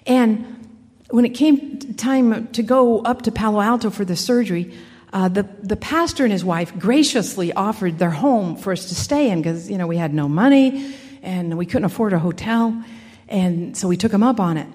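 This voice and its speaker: A woman's voice: medium pitch, normal speed, darkish tone, breathy edge, in a large hall. A woman giving an earnest personal faith testimony in a conversational storytelling way, with frequent restarts. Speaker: speaker sharing a personal testimony.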